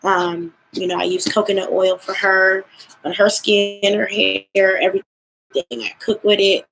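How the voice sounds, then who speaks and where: Late at night, a tired young beauty vlogger chats casually about skincare in a live session, relaxed and chatty with lots of "um" fillers and the occasional yawn. Her medium-pitched voice has vocal fry, and the recording is low quality, speaking a little slowly.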